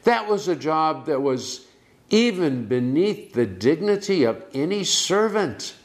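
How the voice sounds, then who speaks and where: Male preacher, measured sermon, unhurried pace with long pauses and strong emphasis. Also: a little high, big pitch swings. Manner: slow, deliberate delivery with dramatic pauses and emphasis.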